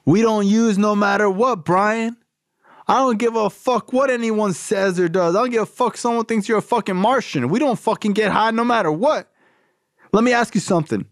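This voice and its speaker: A man voicing his tough, profane male sponsor, who scolds him with mocking, rapid-fire questions. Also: high voice, dry recording, clean studio sound, voice pushed up. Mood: lecturing.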